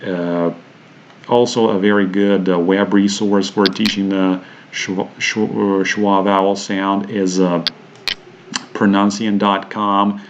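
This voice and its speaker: Man, pronunciation teacher: deep monotone, hesitant with fillers, muffled recording. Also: background noise. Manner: halting, many "uh" fillers, slows to spell out example words. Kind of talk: screen-share teaching walkthrough.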